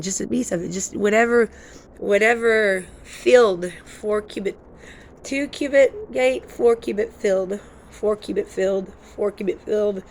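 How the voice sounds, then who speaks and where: A woman vlogging in a rambling, excitable stream-of-consciousness monologue. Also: mid-range voice, gravelly, a little hiss or hum. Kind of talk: casual monologue.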